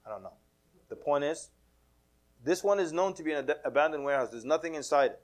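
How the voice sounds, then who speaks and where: A man's voice: fairly high pitch, quick pace. A man giving a casual sermon to a mosque audience, telling stories with humor, acting out quoted voices and mixing in Arabic religious phrases. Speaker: Islamic preacher.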